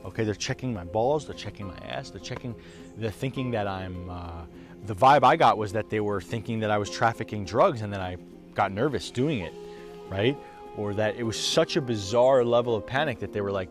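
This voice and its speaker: A man's voice: on the low side, normal speed, music in the background. Man recounting a harrowing trip, raw. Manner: raw, emotional, swearing, dips to hushed then rises loud. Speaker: vlogger. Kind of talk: casual storytelling to camera.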